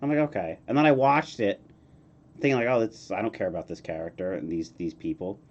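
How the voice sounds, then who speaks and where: A man hosting a casual streamed interview, relaxed and halting, reading questions from chat. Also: lowish voice, muffled recording. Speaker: podcast host.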